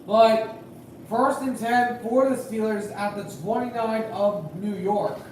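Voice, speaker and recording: A man calling a game live in casual play-by-play, rambling and hedging with fillers, growing excited on big plays. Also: high voice, takes it slowly. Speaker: amateur game commentator and high school official. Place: at home at night. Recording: very echoey room, distant mic, faint noise.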